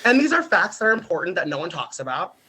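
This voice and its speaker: Animated high-voiced young man. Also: fast talker, breathy edge, rough recording. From United States. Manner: animated, laughs often, swears freely. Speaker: podcast guest. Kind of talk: casual storytelling.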